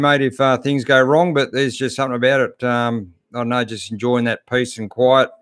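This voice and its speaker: Australian man, middle-aged, relaxed chatty host, reading out viewer comments, dry close sound. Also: mid-range voice, dry recording. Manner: laid-back, chatty, reads out viewers' comments with lots of fillers. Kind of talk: live-stream chat.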